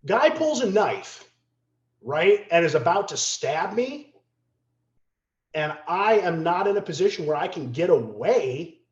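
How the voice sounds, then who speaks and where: This man's voice is high and unhurried. As a podcast guest he tells a story in an animated, profane, casual way, voicing the characters' quotes, and the recording sounds roomy and a bit dull.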